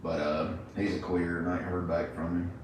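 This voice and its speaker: Brief: lower-voiced folksy man as host, distant mic, boomy echo. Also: level tone, moderate pace, background noise. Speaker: podcast host. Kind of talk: casual chat. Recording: very echoey room, mic far off.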